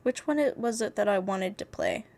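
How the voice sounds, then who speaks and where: A woman's voice: medium pitch, moderate pace, creaky, a little mellow. A woman streaming games and chatting candidly, rambling and swearing freely. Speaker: VTuber streamer. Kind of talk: casual livestream chat.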